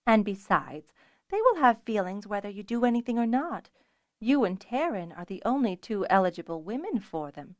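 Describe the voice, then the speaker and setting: A woman reading a calm, frank mother who gives firm advice to younger women. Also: mid-range voice, normal speed, dry recording, lightly acted.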